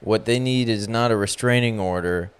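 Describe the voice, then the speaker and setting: A man in an improvised comedy bit, deadpan, stating absurd things matter-of-factly. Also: lowish voice, normal speed, clear, resonant tone. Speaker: podcast co-host.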